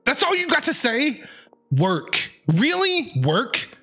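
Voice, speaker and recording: A man streaming a game, reacting with loud, exasperated, incredulous commentary. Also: very high voice, big pitch swings, slow, faint music behind. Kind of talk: excited gameplay commentary.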